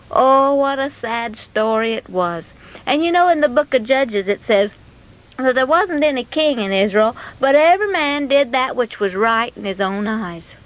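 A woman telling a Bible story dramatically, with expressive, moralizing asides to her listeners. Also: mid-range voice, dull audio.

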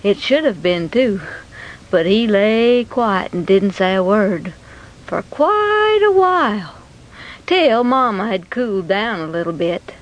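A woman telling a Bible story dramatically, with expressive, moralizing asides to her listeners. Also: medium pitch, a little slow.

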